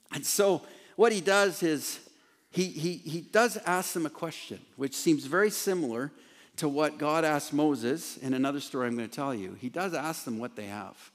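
A man preaching a sermon as pastor in an animated way, with joking asides and laughs at himself. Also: fairly high pitch. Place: large church hall, former theater. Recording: echoey hall.

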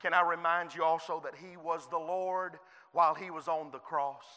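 A man preaching a fervent sermon as a guest preacher, swinging from soft passages to shouted ones. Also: fairly high pitch, fairly even intonation, normal speed. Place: church sanctuary. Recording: reverberant church hall.

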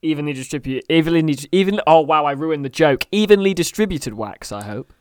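Lively, higher-pitched man from England. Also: a little fast, clean tone. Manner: self-mocking, often trailing off quietly. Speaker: podcast co-host. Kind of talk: casual comedy podcast chat.

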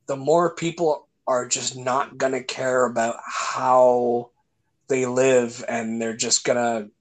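A young man in casual podcast chat, telling long rambling stories and swearing freely. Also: medium pitch. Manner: rambling storyteller, acts out voices in his anecdotes, swears freely.

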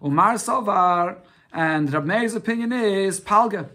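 A man's voice: sits high, lively intonation, measured pace, bright, forceful tone. A man teaching a Talmud lesson, explaining step by step and asking himself rhetorical questions. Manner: explains step by step, mixing Aramaic phrases with English.

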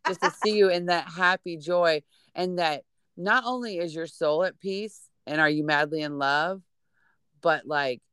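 A woman in casual conversation, gushing and encouraging as she talks. Her voice is smooth and clear, recorded dry and close to the mic with no room sound. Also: low-pitched, a bit bright, no room sound. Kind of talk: casual chat.

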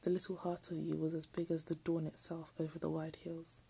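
A woman reading a text aloud in a soft, often half-whispered voice, breaking off for self-mocking jokes. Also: sits low, little pitch movement, brisk, gravelly, breathy edge, rough recording. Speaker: reader.

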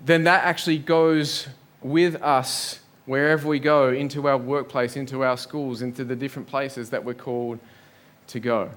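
A pastor preaches in a church with a medium-pitched, fairly bright voice, fairly even intonation, and a moderate pace. He is earnest, piling up lists and rhetorical questions.

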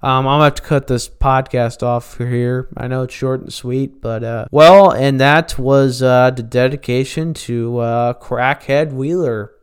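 Slow-talking man rambling on a podcast. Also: medium pitch, steady tone, clear, resonant tone. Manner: rambling, halting, chuckling at his own stories. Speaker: podcast host. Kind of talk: casual storytelling podcast.

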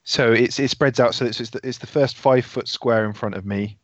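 A man's voice: medium pitch, brisk, dry recording, lo-fi sound. A man playing in a tabletop game, thinking aloud about the rules in casual chat. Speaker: player.

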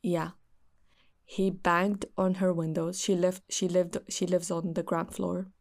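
A woman's voice: fairly low pitch, little pitch movement, measured pace, gravelly, a little mellow. A young woman earnestly recounting a friend's story in casual chat.

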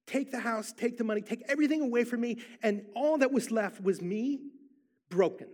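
A man's voice: very high-pitched, a little fast, a little mellow. A man preaching a sermon, telling a personal story with emphatic repetition. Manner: emphatic storyteller, repeats for effect.

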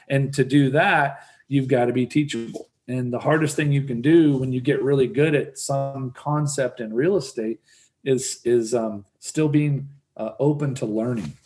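A man's voice: medium pitch, darkish tone. A middle-aged man talking earnestly in an interview, often repeating words as he starts a thought. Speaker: real estate investor guest. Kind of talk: conversational interview answer.

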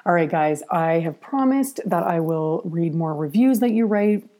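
Woman podcast host, low-pitched and warm; blunt, chatty, swears, lots of ums. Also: lively intonation, moderate pace. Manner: candid and blunt, swears freely, chatty with many fillers. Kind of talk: casual podcast chat.

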